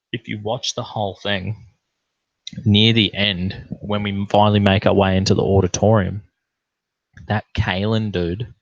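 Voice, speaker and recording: A man's voice: deep voice, creaky, a bit bright, no room sound. A young Australian man in a casual late-night livestream, rambling, laid-back and full of swearing. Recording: dull lo-fi stream audio.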